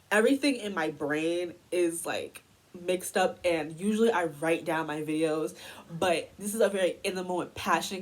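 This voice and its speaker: A woman's voice: lowish voice, husky, low-quality recording. A young woman from the United States delivering a heated, exasperated commentary rant as a vlogger.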